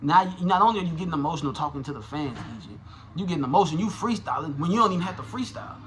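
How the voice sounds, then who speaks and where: A man giving a casual, profane, animated review of a rap battle, talking in slang and restarting his sentences often. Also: a little high, very fast, a little hiss or hum. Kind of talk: casual commentary.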